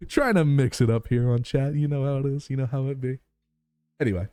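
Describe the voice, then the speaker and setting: A man's voice: mid-range voice, moderate pace, dark tone, smooth, dry recording. A man streaming live and chatting casually with his viewers, thankful and rambling with lots of fillers.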